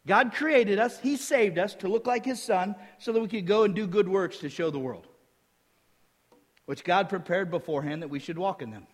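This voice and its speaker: A male pastor preaching a sermon, reading scripture aloud and acting out little dialogues in a lively, emphatic way. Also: sits high, moderate pace. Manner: animated preaching, quotes scripture, acts out dialogue. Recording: reverberant hall.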